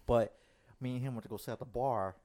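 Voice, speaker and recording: Talking at a quick pace in a medium-pitched voice, a male podcast host recounts an embarrassing story in a relaxed chat, staying animated and laughing frequently throughout.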